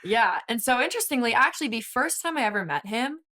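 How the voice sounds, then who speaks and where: A woman in her twenties, a guest and former college swimmer, telling a story in animated casual conversation with quick asides. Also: on the high side. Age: 20s.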